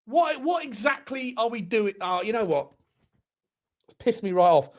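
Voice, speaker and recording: Young male host, high voice, angry swearing rant over a live match. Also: expressive, unhurried. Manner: furious, swearing ranting. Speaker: football fan channel host. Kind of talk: live football watchalong commentary.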